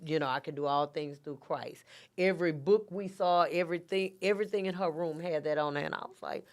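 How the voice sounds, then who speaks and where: Guest voice: middle-aged woman, reflective, lower register, smooth and clear. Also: brisk. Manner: soft-spoken, reflective storytelling with many fillers. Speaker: podcast guest. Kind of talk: casual interview talk.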